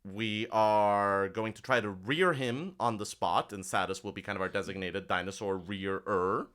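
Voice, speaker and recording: A man's voice: fairly low pitch, normal speed, fairly bright tone. A man running a tabletop game as game master, talking loosely with many fillers and hedges.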